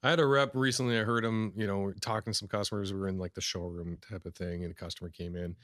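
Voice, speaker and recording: A man co-hosting a casual podcast chat about sales, telling lively stories and laughing often. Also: lowish voice, fast talker, dry recording, studio quality. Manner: lively storyteller, laughs often, acts out customers. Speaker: sales coach, podcast co-host.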